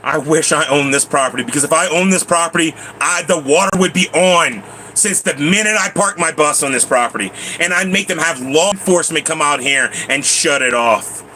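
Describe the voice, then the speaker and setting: A man livestreaming from his parked bus, angrily venting to his viewers, swearing and then trying to calm himself down. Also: a little high, normal speed, a little hiss or hum, poor audio. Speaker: livestream vlogger.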